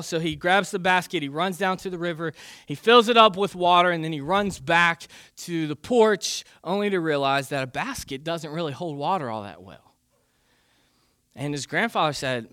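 Bright-voiced casual male preacher. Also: fairly high pitch, a little fast, clear, resonant tone, no echo, studio quality. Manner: casual and chatty, with fillers like "man" and "like". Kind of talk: conversational sermon.

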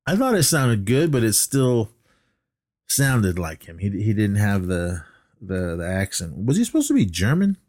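Low-voiced rambling man on a podcast. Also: very animated, a little slow, a little mellow, no echo, clean studio sound. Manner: rambling, many fillers and restarts. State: coughing. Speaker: podcast co-host. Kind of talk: casual movie recap chat.

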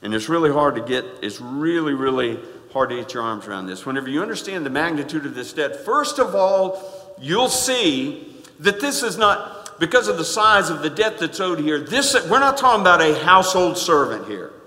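A man preaching a sermon in a folksy, emphatic way, dropping to quiet asides and then rising to loud stresses. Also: fairly high pitch, very animated, moderate pace. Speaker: pastor. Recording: echoey hall with long reverb.

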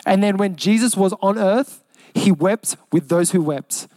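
A young man with an Australian accent preaching a sermon as pastor, earnest, repeating lines for emphasis and slowing down on key phrases. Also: high voice, a little mellow, no echo.

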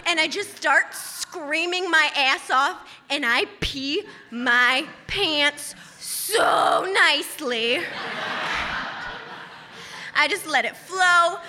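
A woman telling a funny personal story on stage in an animated, self-mocking way. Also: high voice, extremely slow. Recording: reverberant hall.

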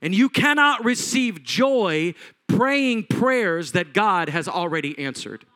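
A man preaching from the pulpit in a fairly high voice. He tells the story with animated swings, rising loud and then dropping to a hush. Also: slow. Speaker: pastor. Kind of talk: sermon.

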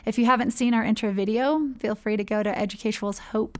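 A woman's voice: on the high side, fairly even intonation, fast talker, a little mellow. A woman, founder of a charity, telling her story in a casual interview, chatty and rambling with fillers and restarts. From United States.

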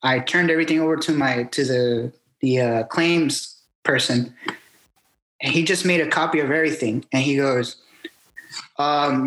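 A man in his thirties, a military veteran guest, telling his story with halting restarts and acted-out quotes. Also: medium pitch, fairly bright tone, reverberant, low-quality recording. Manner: halting, repeats words, acts out quoted exchanges. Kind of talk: candid personal storytelling.

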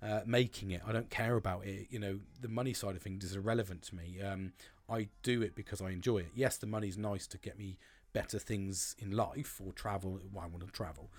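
Rambling, sweary bloke. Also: male voice, fairly low pitch, fairly even intonation, a little fast. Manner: rambling, swears often, says "mate" a lot. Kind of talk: casual monologue.

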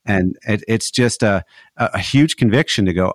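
A man's voice: fairly low pitch, normal speed, no echo, studio quality. A man, a guest on a podcast interview, earnestly telling an anecdote about his work. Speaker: guest author.

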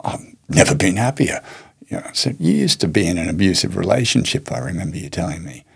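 A man with a low, gravelly voice, slightly husky, answers interview questions at length. He speaks in a measured, reflective way and brings his stories to life by acting out the lines of the people in them. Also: big pitch swings, fairly bright tone. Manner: measured, reflective, acts out quoted speech. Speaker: guest, martial arts teacher and charity head.

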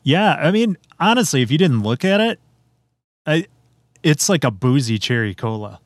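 A man's voice: a little high, sing-song, normal speed, dry recording, clean studio sound. A man casually chatting through a beer tasting, describing it in detail and laughing often. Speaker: beer reviewer.

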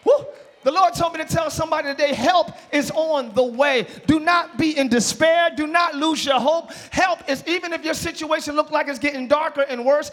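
A male pastor preaching a live church sermon, exhorting and shouting to the congregation, then dropping into quieter conversational asides. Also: very high voice. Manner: drops to a quiet conversational tone between shouted passages. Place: church sanctuary.

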